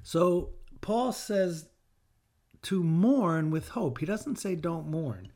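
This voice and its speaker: A man's voice: on the high side, animated, slow, dark tone. A middle-aged man hosting a podcast, giving a heartfelt scripture teaching in an earnest way and repeating phrases for emphasis. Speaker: podcast host and bereaved father.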